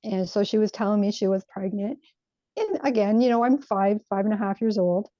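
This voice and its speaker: A woman recounting a spiritual experience from her childhood in an earnest, reflective way, often pausing to search for words. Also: mid-range voice, dark tone, dry recording, lo-fi sound. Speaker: guest sharing a spiritual experience. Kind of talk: personal storytelling.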